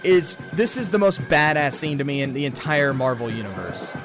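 A man with a fairly high voice co-hosts a casual movie podcast. He talks with lots of energy, laughs often and acts out scenes from films as he goes. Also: big pitch swings, normal speed, over music. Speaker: podcast co-host. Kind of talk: casual chat.

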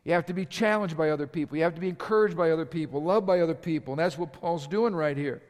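A man's voice: on the high side, fast talker, a little mellow. A man preaching a sermon, asking his congregation rhetorical questions and building up in volume. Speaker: pastor. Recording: long hall reverb.

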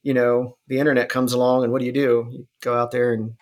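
A man's voice: medium pitch, flat delivery, fast talker, darkish tone. A man talking casually on a podcast, rambling, cursing and laughing as he goes. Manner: rambling, profane, laughs often, drops into mock voices. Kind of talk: casual chat.

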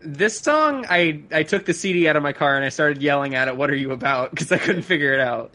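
A man's voice: a little high, animated, brisk, sharp tone. A man co-hosting a podcast in casual chat, rambling and joking and swearing freely. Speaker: podcast co-host.

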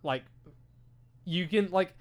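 A young man with a British accent talks into a desk microphone in a loose, casual chat. His voice sits high for a man, and he rants with plenty of swearing and filler words. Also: slow. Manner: animated, ranting, heavy swearing and filler words.

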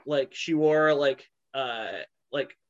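A man's voice: mid-range voice, fairly even intonation, slow pace, clear, resonant tone. A man co-hosting a podcast in a casual chat, rambling with lots of fillers and restarts. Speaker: podcast co-host. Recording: dull lo-fi sound.

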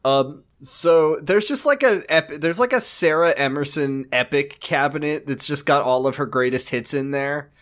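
A man co-hosting a casual recap podcast, animated and sarcastic, breaking into silly voices. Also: on the high side, moderate pace, hardly any pauses. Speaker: podcast co-host.

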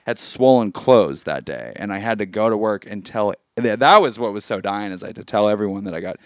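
A man's voice: on the low side, expressive, brisk, no room sound, clean studio sound. A man telling a story casually among friends, laughing often and swearing freely.

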